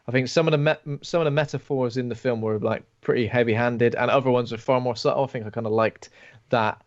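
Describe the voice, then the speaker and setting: A man co-hosting a casual horror podcast, chatting in a relaxed way about films he watched. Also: medium pitch, fast, muffled recording. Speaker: podcast co-host. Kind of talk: casual chat.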